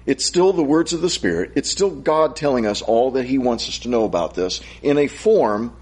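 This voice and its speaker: A man teaching a Bible study, reading scripture slowly and solemnly, then thinking aloud and asking rhetorical questions. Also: mid-range voice, slightly rough.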